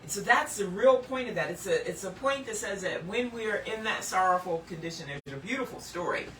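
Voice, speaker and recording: A woman giving sermon-style Bible teaching, earnest and emphatic, lifting some lines high and dropping others low and hushed. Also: animated, a little fast, echoey room, distant mic, a little hiss or hum, poor audio.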